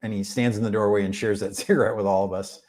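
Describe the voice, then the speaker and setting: A man hosting a music channel, chatting casually on a live stream, answering viewer questions in a rambling, relaxed way with many fillers. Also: fairly low pitch, quick pace. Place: rented room abroad.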